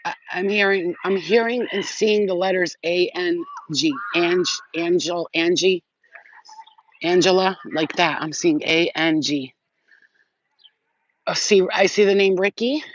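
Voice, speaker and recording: A woman's voice: lowish voice, unhurried, muffled recording. A woman giving a casual live psychic reading, rambling and chatty, swearing and laughing often. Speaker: psychic reader.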